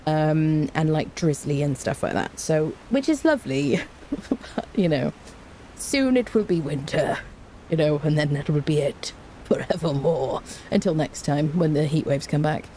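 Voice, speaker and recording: A woman's voice: low-pitched, expressive, measured pace, dark tone, a little hiss or hum. A woman with a cold, chatting playfully with her live-stream viewers and greeting them by name from home. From Britain. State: has a cold. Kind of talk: casual live-stream chat. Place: indoors at home.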